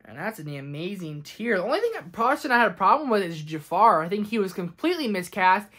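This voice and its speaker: A man's voice: sits high, very animated, fast, bright, forceful tone. Young man ranting about movies. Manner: enthusiastic and ranting, slips into quoted voices. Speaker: movie review vlogger. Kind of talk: casual movie ranking vlog.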